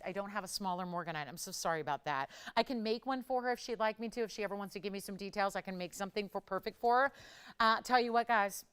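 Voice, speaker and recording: A woman hosting live jewelry shopping, chatty and upbeat, pitching deals and reading out viewer messages. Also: a bit bright, clear, resonant tone. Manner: pushes deals with "I'll tell you what".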